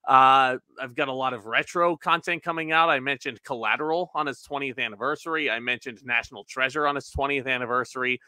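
A man's voice: medium pitch, steady tone, a little fast, hardly any pauses, sharp tone, no room sound. A man appearing as a guest on a livestream, chatting casually and enthusiastically about his channel and making jokes. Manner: enthusiastic, self-promoting, jokey. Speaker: guest, YouTuber. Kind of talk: casual chat.

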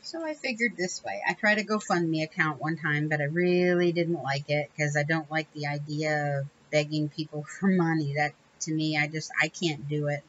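This crafting channel host talks casually through her tutorial in a low voice at a moderate pace with few pauses, rambling and self-correcting with small laughs. The recording lacks highs and carries a little hiss or hum.

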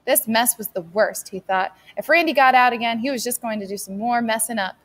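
A woman's voice: fairly high pitch, a little fast. A woman steadily narrating a novel as an audiobook reader. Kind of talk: scripted narration.

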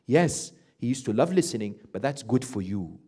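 A man giving a sermon as a sheikh, asking his listeners questions and acting out parents, reciting Arabic verses quickly. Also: mid-range voice, husky. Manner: animated, asks the audience questions and acts out quoted parents. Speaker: sheikh giving a Muharram lecture.

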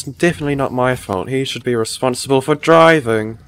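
A man's voice: medium pitch, fairly quick, fairly bright tone, smooth. Male let's-player, a little ill, sarcastic and foul-mouthed, casual running commentary. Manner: joking, sarcastic, swears often. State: sick. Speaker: gaming YouTuber.

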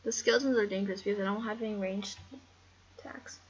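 Husky excitable woman narrating gameplay. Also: medium pitch, fast, muffled recording. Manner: excitable, rambling, talks to game animals. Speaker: gameplay commentator. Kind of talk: casual game commentary.

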